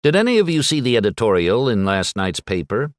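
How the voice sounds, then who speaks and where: A man voicing a stern female schoolteacher who quizzes her class with crisp, probing questions. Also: medium pitch, sing-song, fairly quick, no echo, clean studio sound, lightly acted. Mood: quizzing.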